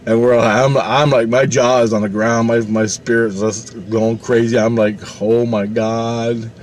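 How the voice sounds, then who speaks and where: A man telling a long, rambling story in a casual, animated way, swearing freely. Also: medium pitch, normal speed. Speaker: vlogger.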